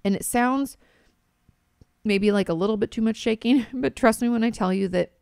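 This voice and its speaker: A woman's voice: on the high side, moderate pace, vocal fry, a little mellow, clear, resonant tone, no echo, studio quality. A woman in her thirties hosting an advice podcast as a therapist, direct and reassuring, with some casual swearing. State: a bit shaky from shaking her body while talking.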